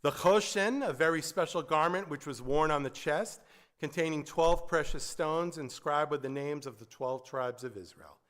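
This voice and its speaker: In a synagogue sanctuary, a man leading a Shabbat service sings prayers, then delivers a sermon with a story and dry asides. His voice is fairly high and fairly bright, at a normal speed. The hall is echoey, with guitar playing behind him.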